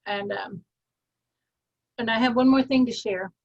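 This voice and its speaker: A woman with a Texas twang leads a personal growth coaching call over video. Her voice sits a touch high, and she speaks in a loose, riffing way with deadpan humor and easy laughs. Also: a little slow, vocal fry, muffled recording.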